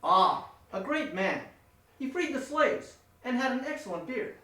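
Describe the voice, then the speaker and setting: A man voicing an earnest, literal-minded masked wrestler hero with a deadpan delivery. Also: very high-pitched, measured pace, exaggerated voice. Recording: echoey room, distant mic.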